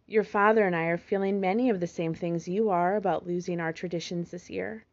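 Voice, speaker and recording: Gentle mama fox, calm n soothing a woman reading her, bit muffled audio. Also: on the low side, brisk, close to an everyday voice.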